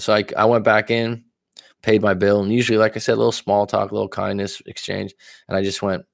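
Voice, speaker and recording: A man's voice: lowish voice, flat delivery, a little fast, gravelly, no room sound, clean studio sound. A man as a dating coach, chatting on a livestream, answering viewer comments and telling candid stories in a blunt way with casual swearing. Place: lives in Thailand.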